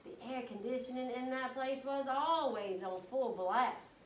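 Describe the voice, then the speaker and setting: A woman's voice: high voice, measured pace, a little hiss or hum. A woman reading aloud as a boastful, teasing male mouse cousin. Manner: cocky, teasing. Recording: echoey room from a distance.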